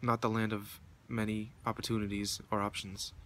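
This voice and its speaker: A man's voice: fairly low pitch, level tone, normal speed, fairly bright tone. A young man vlogging outdoors in the cold on his phone, shivering as he rambles and swears in a heated rant. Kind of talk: casual rambling rant to camera. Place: outdoors in the cold near traffic. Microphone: phone camera. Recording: noisy outdoor phone recording with traffic.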